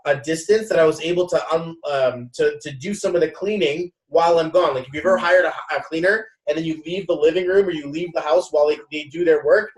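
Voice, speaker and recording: Guy telling a story, does the voices of people he quotes, kinda higher voice, sounds a bit far off. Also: a little fast, hardly any pauses. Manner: animated, quotes others in dialogue, frequent restarts. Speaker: host. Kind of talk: casual storytelling. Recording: echoey room, mic at a distance.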